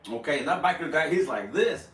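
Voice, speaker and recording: A man hosting a live stream, telling a story in a casual, animated way, stumbling over repeated words and dropping Spanish slang. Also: on the high side, brisk. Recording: roomy, distant mic, faint background.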